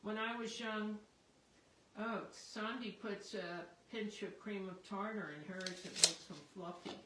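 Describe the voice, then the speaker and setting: A woman's voice: medium pitch, fairly even intonation, measured pace. Chatty woman with a Philadelphia accent. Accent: Philadelphia area. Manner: chatty, reads out comments, laughs easily. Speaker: craft video host reading viewer comments. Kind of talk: casual chat. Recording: roomy, distant mic, background noise.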